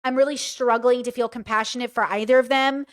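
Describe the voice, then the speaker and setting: Brief: young woman commentator, high pitch, dry close sound, swears freely, exasperated. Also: steady tone, a little fast, clean tone, dry recording. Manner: blunt, profane, exasperated. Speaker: reaction video commentator. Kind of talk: casual reaction commentary.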